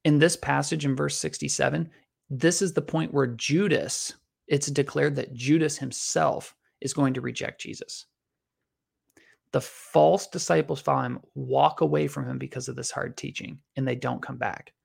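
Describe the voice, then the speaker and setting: A man with a heavily gravelly, fry-laden voice teaches a Bible passage. He reads scripture aloud slowly and deliberately, then speeds up when he explains it. His tone stays earnest and his pitch sits in an ordinary middle range. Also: fairly even intonation.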